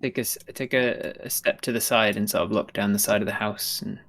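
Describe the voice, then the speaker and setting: Man, tabletop player, earnest in-character speeches, measured pace. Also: on the low side, steady tone, fairly bright tone. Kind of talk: tabletop role-play, narrating and in character.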